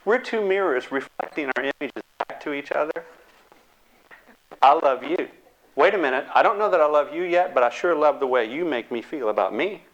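A man giving a lecture, animated and acting out the voices of the people in his examples. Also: a little high, normal speed, dull audio. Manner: animated, acts out quoted voices.

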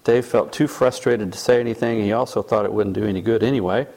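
A man's voice: lowish voice, steady tone, fast talker, darkish tone. A man teaching a class, telling a case story and then asking the audience questions. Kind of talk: storytelling lecture.

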